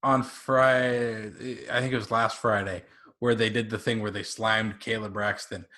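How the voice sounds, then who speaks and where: A man's voice: lowish voice, little pitch movement, a little slow, bright, forceful tone. A young man in his twenties, a guest on a casual podcast, telling stories eagerly with lots of "like" and "um". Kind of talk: casual review chat.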